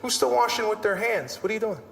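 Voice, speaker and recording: A man doing a stand-up comedy routine with animated, exasperated ranting. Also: high-pitched, quick pace, creaky, noisy background. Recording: live stage with long reverb, faint ambience.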